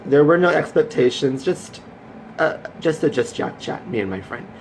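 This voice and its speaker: A man vlogging, telling a rambling, animated story to his viewers that builds into a motivational pep talk. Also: on the high side, moderate pace, slight background noise, poor audio. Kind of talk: casual storytelling vlog.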